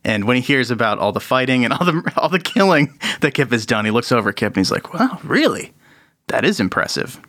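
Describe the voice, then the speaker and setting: A man's voice: mid-range voice, fast, few pauses, fairly bright tone, dry recording, studio quality. A man narrating as game master of a tabletop role-playing game, often laughing as he goes.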